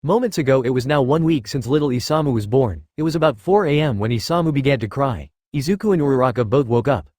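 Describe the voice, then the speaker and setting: Brief: male storyteller, steady read, dry close sound. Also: mid-range voice, fast talker, hardly any pauses, no room sound. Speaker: narrator. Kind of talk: reading fan fiction aloud.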